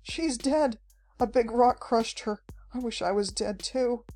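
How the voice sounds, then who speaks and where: A woman's voice: a little high, unhurried, mellow, voice pushed up, poor audio. A woman doing a frantic old professor. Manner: chattering, panting. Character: frantic elderly male professor, fugitive.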